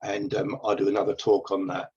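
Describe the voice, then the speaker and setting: Hesitant husky man, lo-fi talk. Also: lowish voice, monotone, a little fast, darkish tone. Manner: hesitant, many ums and restarts. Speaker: theatre company presenter. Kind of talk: casual spoken talk about plays. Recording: dull lo-fi recording.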